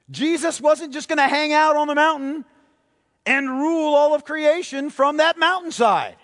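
A male preacher giving a sermon, emphatic and repeating key phrases, swinging between loud and hushed delivery. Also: very high voice. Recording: long reverb of a large hall.

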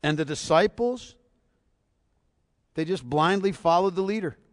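A male pastor preaching a sermon, moving from hushed near-whispers to loud, emphatic passages full of rhetorical questions. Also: high-pitched, a little slow, dry recording, clean studio sound.

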